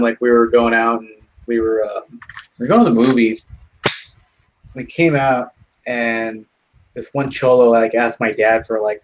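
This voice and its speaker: A man's voice: mid-range voice, muffled recording, slight background noise. A young man telling stories in casual voice chat, rambling and profane, full of like and you know. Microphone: headset in online game lobby.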